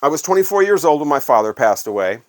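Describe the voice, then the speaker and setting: A fast, sing-song, slightly high male voice carries this casual storytelling vlog. The middle-aged speaker from Illinois once worked in radio, collects records, and rambles conversationally with lots of fillers.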